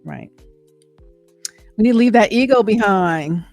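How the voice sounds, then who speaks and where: A woman's voice: medium pitch, lively intonation, measured pace, darkish tone, dry recording, faint music behind. A middle-aged woman giving an encouraging faith talk, repeating her points and checking in with "right?". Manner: preachy and encouraging, repeats phrases, asks "right?". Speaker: host and speaker. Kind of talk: inspirational faith talk to camera.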